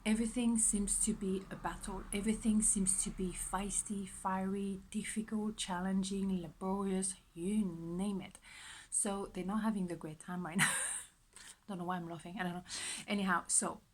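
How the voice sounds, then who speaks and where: Woman, tarot reader, soft-spoken, half-whispered, chatty, middle pitch. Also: steady tone, moderate pace, slight background noise, poor audio. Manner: chatty, repetitive, self-reassuring. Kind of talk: pick-a-card tarot reading.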